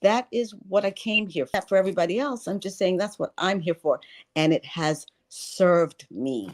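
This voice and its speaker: A woman in her sixties with a notably low voice talks earnestly as an interview guest. She speaks with conviction and repeats key phrases for emphasis. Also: normal speed. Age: 60s. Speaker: guest, life and wealth coach. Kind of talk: spiritual interview talk.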